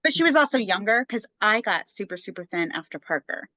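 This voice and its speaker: A woman's voice: medium pitch, very animated, brisk, sharp tone, no room sound, lo-fi sound. A woman in her thirties co-hosting a podcast about motherhood, chatting casually and rambling with lots of fillers. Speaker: podcast co-host. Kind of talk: casual chat.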